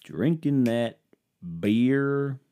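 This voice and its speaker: A man voicing a male country singer with a Southern twang, slowly singing simple lyrics. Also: mid-range voice, expressive, warm tone, clean tone. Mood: mock crooning. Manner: slow drawled singing.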